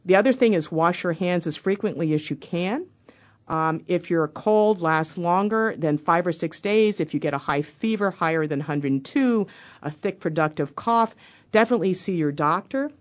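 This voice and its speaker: A woman's voice: on the low side, moderate pace. A woman in her fifties, a doctor hosting a radio show, telling a story in a studio and acting out the quotes. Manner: animated, acts out the quotes she tells. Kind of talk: casual storytelling monologue.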